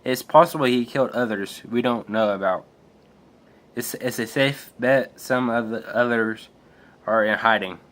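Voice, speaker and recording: A man's voice: medium pitch, measured pace, fairly bright tone, slight background noise, lightly acted. A man reading as a grim hero.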